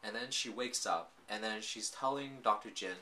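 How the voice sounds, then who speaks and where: A man casually recapping and reviewing a TV drama, telling the story in an animated way full of filler words. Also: lowish voice, normal speed, slight background noise.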